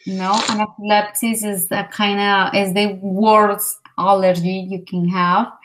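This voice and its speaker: A woman's voice: medium pitch, measured pace, background noise. Chatty Colombian woman telling a story. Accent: Colombian Spanish. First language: Spanish. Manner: animated storytelling with many fillers. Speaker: language learner. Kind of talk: casual conversation practice.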